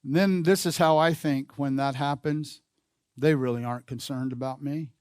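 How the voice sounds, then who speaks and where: A man's voice: mid-range voice, steady tone, moderate pace, a little mellow, clean tone, no room sound, clean studio sound. A man preaching a sermon as pastor, telling a personal story and calling the congregation to repeat his phrases. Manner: call-and-response preaching, repeats phrases, builds in force. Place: church sanctuary.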